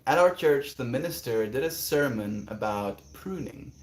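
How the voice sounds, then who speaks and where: A man's voice: medium pitch, expressive, moderate pace. A man on a casual livestream outdoors, reading viewer messages aloud and musing on them in a reflective way. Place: outdoors, quiet spot.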